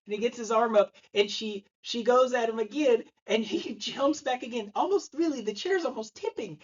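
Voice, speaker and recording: A man's voice: extremely high pitch, moderate pace, muffled recording. A man preaching a sermon, telling a story and acting out the people in it. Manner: storytelling, acts out the voices in his story. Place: church.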